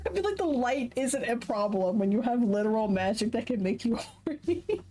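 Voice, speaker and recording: A woman's voice: a little high, big pitch swings, moderate pace, mellow, a little hiss or hum, poor audio. A woman streamer reading a visual novel aloud with live commentary, swearing casually, laughing often and correcting herself mid-sentence. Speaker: Twitch streamer.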